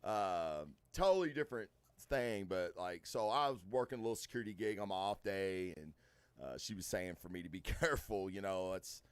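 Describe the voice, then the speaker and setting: A podcast host with a low, clean-toned voice talks fairly quickly on a studio microphone in a dry recording. He's loud and tells loose, casual stories full of fillers and swearing.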